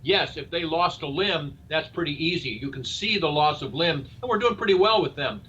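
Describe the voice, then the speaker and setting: Older man, earnest and bright-toned. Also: a little high, animated, normal speed. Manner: earnest, speechmaking, rhetorical questions. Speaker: guest, presidential candidate. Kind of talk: live interview. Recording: dull lo-fi sound with faint noise.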